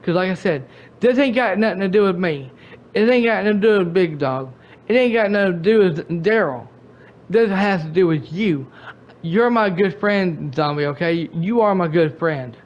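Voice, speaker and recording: A riled-up man with a drawl and a voice that sits high for a man, scolding a friend in a long rant. His sentences keep stopping and starting over as he repeats himself. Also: lively intonation, normal speed, muffled recording. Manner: angry, repetitive, stumbling restarts. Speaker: gaming channel host.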